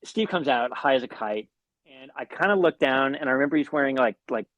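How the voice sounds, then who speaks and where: A man, a guest musician, telling animated anecdotes in an interview, swearing often and restarting his sentences. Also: mid-range voice, fairly quick, no echo, muffled recording. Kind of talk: storytelling in an interview.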